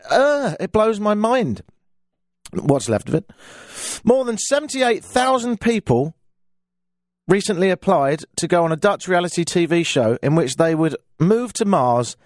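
A man's voice: no room sound, studio quality. A man with a London accent hosting a radio talk show, chatting in a self-mocking, rambling way. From England. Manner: chatty, self-mocking, with playful pitch swings. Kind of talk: casual radio monologue. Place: radio studio. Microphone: studio microphone.

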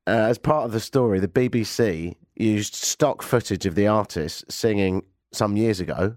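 A man's voice: on the low side, normal speed, darkish tone, no room sound, studio quality. A man hosting a talk radio show, with a stuffy nose from a cold. He tells stories with sarcasm and animation. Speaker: radio host. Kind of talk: casual talk radio banter.

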